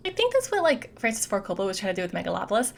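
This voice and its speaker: Young woman, movie reviewer, casual recap, chatty, lots of "like", mid pitch. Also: wildly swooping pitch, rapid-fire, creaky, slight background noise. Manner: chatty, peppers speech with "like".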